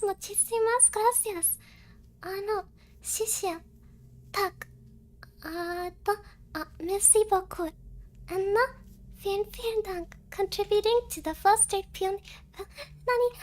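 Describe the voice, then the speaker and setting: A woman's voice: extremely high pitch, measured pace, a little mellow. A woman VTuber streamer chatting on a live stream, playfully thanking viewers with words from many languages.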